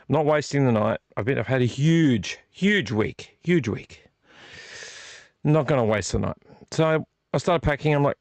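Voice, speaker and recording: A man chatting loosely on his live vlog, circling back and repeating himself as he goes. His voice has a gravelly rasp, heard dry and close with no room around it. He sits at a middle pitch for a man. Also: animated, normal speed, dry recording. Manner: rambling and repetitive, apologetic. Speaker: vlog host. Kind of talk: casual late-night live chat. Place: small home studio room.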